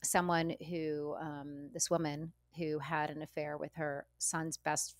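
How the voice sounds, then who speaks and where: A middle-aged woman, an author guest in an interview, speaking candidly and reflectively, often halting and repeating words as she thinks. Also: deep voice, little pitch movement, no room sound.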